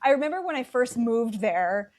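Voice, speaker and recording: A chatty middle-aged woman with an Upper Midwest accent, her voice sitting a little high. She tells her stories in a relaxed interview, slipping into the voices of the people she quotes. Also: normal speed. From South Dakota. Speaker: guest. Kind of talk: casual conversational storytelling.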